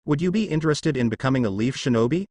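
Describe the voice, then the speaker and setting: A man playing a weary male village leader who asks measured, cautious questions, with a lively pitch. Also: no room sound, natural voice. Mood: cautious questioning.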